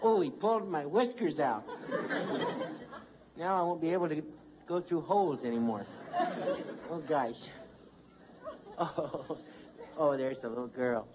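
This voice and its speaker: A man's voice: a little high, unhurried, pauses often, dull audio, a loud crowd, heavy background noise, natural voice. A man voicing a small, frantic male mouse caught in a trap, whimpering and babbling in a stand-up comedy bit. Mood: whimpering, pained. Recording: old live comedy record, loud audience laughter.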